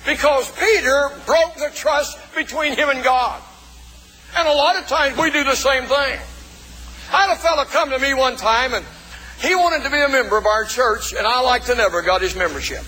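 A male pastor preaching a sermon in a folksy way, calling out to the congregation and shouting for emphasis. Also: very high-pitched, moderate pace. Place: church. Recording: long reverb of a church hall.

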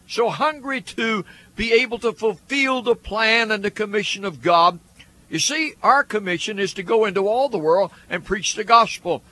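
Earnest radio preacher man, high bright voice. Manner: earnest, repetitive preaching cadence. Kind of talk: radio sermon.

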